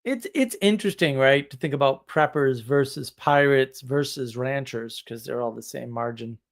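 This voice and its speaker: A man's voice: mid-range voice, normal speed. A man hosting a live stream, chatting casually in a rambling way and laughing at his own stories. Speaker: livestream host.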